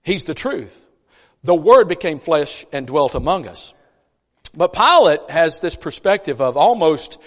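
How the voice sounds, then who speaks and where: A man preaching a conversational sermon in a church, folksy and animated, with chatty asides between scripture readings. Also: a little high, unhurried. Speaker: pastor. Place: church sanctuary. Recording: long church reverb.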